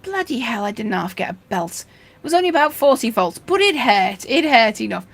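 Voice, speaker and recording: A woman's voice: fairly high pitch, very animated, a little fast, vocal fry. A woman hosting a fishkeeping channel, talking in a casual, rambling way with dry jokes and anecdotes. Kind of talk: casual chat.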